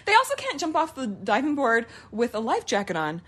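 A woman co-hosting a podcast in casual chat, with quick reactions and teasing asides. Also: fairly high pitch, wildly swooping pitch, a bit bright, husky. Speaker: podcast co-host.

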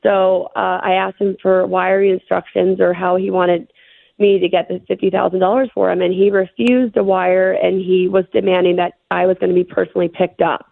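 Gravelly-voiced woman on a phone line. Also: on the low side, little pitch movement, no echo. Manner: shaken, halting, with many fillers. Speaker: interview guest. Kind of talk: telling a personal story. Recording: phone-line interview audio.

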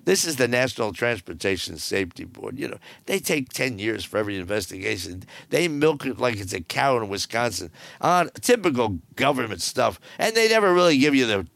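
Gravelly, lively ranting man host. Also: mid-range voice, brisk, dry recording. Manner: ranting, sarcastic, animated. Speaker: podcast host. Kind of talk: opinionated solo podcast.

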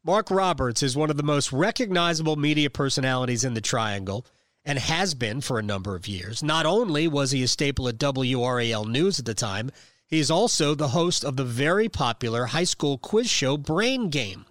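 A man narrates the links of a sports podcast in a lively, melodic read. The sound is close and dry. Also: mid-range voice, moderate pace, dry recording. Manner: smooth narrating links between interview clips. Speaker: podcast host. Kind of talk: scripted narration.

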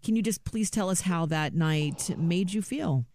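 A man hosting a morning radio call-in segment, speaking in a gentle, measured way with some hesitant phrasing. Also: high voice, lively intonation, no echo, studio quality. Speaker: radio show host.

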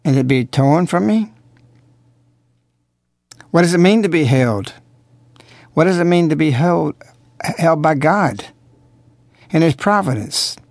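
A man's voice: on the high side, lively intonation, slow, vocal fry, pauses often, darkish tone, no echo, clean studio sound. A man giving earnest religious commentary on a radio program, preaching and asking rhetorical questions. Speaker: radio host.

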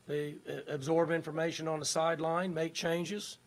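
Man, middle-aged, football coach, post-game press conference, monotone, halting, matter-of-fact. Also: fairly high pitch.

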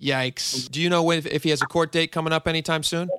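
Upbeat male radio host, bright and dry, leading questions. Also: a little high, fairly even intonation, quick pace, clear, resonant tone, no echo. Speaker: radio talk show host. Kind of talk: radio interview.

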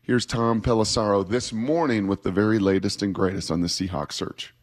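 Chatty lower-voiced male radio host. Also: a little fast. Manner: chatty storyteller, laughs easily. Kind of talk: casual morning radio chat.

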